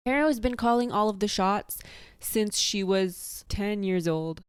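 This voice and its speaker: A woman's voice: mid-range voice, clean tone, no echo. Young woman, dry close sound, wry and playful, book recap vlogger. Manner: wry, playful, quick asides.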